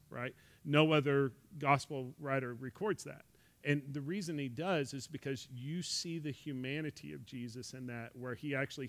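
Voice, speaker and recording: A man's voice: medium pitch, a bit bright. A man giving a casual Bible teaching talk, conversational and full of "right?" asides, acting out quoted speech. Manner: acts out quoted speech in dialogue.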